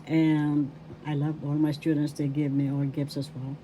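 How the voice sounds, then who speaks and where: An older Filipino woman who teaches languages and writes books introduces a video lesson from her home in New York City, speaking formally and deliberately and repeating her name and degrees. Her voice is low, level and warm, with a slight hiss or hum in the recording.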